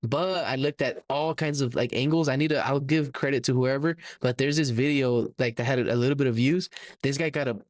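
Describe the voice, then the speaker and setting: A man's voice: medium pitch, a little fast, dry recording. A man co-hosting a podcast, telling a long story in casual chat, rambling and slangy, acting out what people said. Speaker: podcast co-host.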